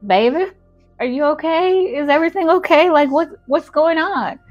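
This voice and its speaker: A woman's voice: sits high, normal speed, lo-fi sound, faint music behind, pitched above the performer's own voice, lightly acted. A woman voicing an older grandmother who talks in a stern, motherly way. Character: older grandmother, firm and caring.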